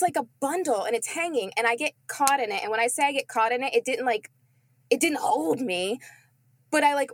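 A young adult woman telling a childhood story to friends in a casual, animated way, swearing, mocking herself and laughing often. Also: a little high.

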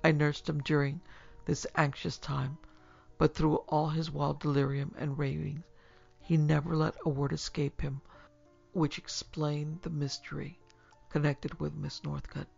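Brief: man reading a story aloud, gravelly and flat, over a slightly muffled track with faint music. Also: a little high. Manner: steady, measured storytelling. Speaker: narrator. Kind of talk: scripted audiobook narration.

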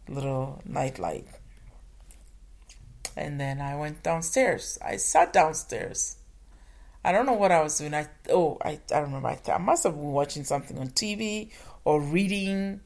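A mother telling a personal story, often halting and restarting, with hushed asides. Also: low-pitched, gravelly.

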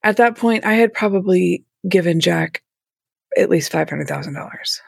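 A woman's voice: lowish voice, lively intonation, normal speed, vocal fry, slightly rough, dry recording, studio quality. A woman telling her own painful story as an interview guest, candid and emotional, with a few nervous laughs. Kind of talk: personal story told in an interview.

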